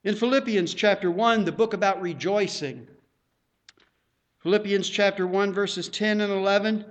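A man's voice: high-pitched, moderate pace, dull audio. A man preaching a sermon, earnest and emphatic, drawing out his phrases.

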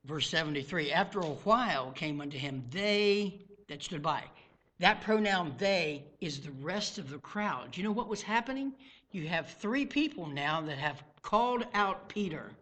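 A man preaching a sermon as pastor, swinging from loud outbursts to hushed asides, who grew up in the American South. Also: fairly high pitch, animated, moderate pace.

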